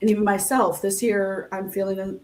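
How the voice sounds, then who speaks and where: Reflective woman co-host, mid-pitched. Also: flat delivery, a little fast, a little mellow, a little hiss or hum, low-quality recording. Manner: reflective, affirming, thoughtful. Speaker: show co-host. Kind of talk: casual live talk show chat.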